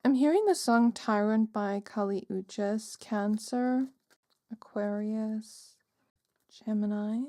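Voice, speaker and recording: Woman tarot reader, musing and gentle, filler words, dry close sound. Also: mid-range voice, slow, no room sound. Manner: soft, musing, many "like" and "um" fillers. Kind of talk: casual pick-a-card tarot reading.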